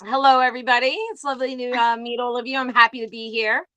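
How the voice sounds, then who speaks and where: Long island lady on a call, bright and kinda high, talks a lot, laughs a bunch. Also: little pitch movement, fast talker, clean tone, dry recording. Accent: Long Island New York. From Long Island, New York. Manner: talkative, laughs often, rambling. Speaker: guest, psychic medium. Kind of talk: casual interview chat.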